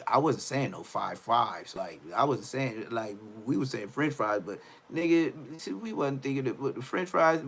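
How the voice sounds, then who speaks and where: A young man ranting on a livestream, loud and mocking, repeating phrases and stammering. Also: medium pitch, expressive, moderate pace. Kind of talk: trash-talking rant on a livestream.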